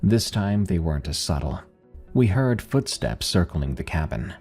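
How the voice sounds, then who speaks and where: A man reading a first-person horror story in a slow, grave narration over faint music. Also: low-pitched, sing-song, a little mellow, breathy edge.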